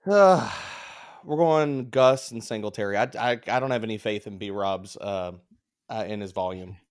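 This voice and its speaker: A man's voice: on the low side, measured pace, smooth. A man co-hosting a live fantasy football chat show, joking and giving firm lineup picks.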